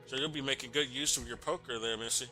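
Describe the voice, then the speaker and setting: A man voicing a pair of scrappy male bug roach keepers in a put-on Cockney accent, gruff and slangy, while reading game dialogue aloud. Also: medium pitch, steady tone, fast talker, sharp tone, faint music behind. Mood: gruff wary.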